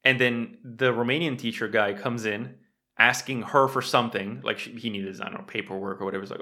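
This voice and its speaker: Bright-voiced young man telling a rambling story. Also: mid-range voice, fairly even intonation, brisk. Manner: rambling storyteller, swears often, acts out quoted lines. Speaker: podcast co-host. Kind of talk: casual chat.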